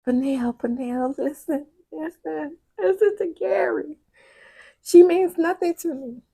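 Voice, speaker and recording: A woman's voice: high-pitched, unhurried, gravelly, warm tone, voice pushed up. A woman voicing a grown man caught cheating, pleading and repeating himself.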